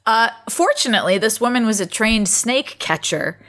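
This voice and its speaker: A woman's voice: a little high, animated, moderate pace, a bit bright. A woman co-hosting a podcast in casual chat, teasing her co-host and laughing easily as she reads out odd news.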